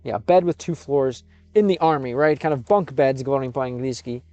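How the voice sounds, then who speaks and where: A man, a native English speaker, live-streaming in a casual chat, sounding out Russian words slowly and thinking aloud as he thanks viewers. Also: mid-range voice, darkish tone, no room sound, highs cut off, soft background music.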